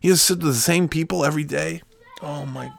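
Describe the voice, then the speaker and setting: A middle-aged podcast host rants solo from a room at home, exasperated and profane. His voice is on the high side, fairly quick and gravelly.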